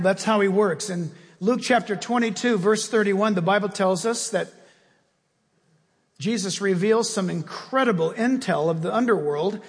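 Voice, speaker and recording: Casting: high-pitched, husky male preacher, lively storyteller, long hall reverb. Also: moderate pace. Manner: animated storytelling, acting out scenes. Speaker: pastor. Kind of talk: sermon.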